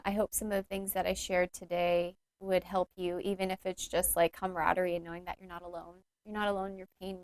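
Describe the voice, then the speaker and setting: A woman's voice: medium pitch, no echo. A woman hosting her own podcast as a yoga teacher, talking in an earnest, intimate and rambling way with many fillers. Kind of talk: reflective solo podcast talk.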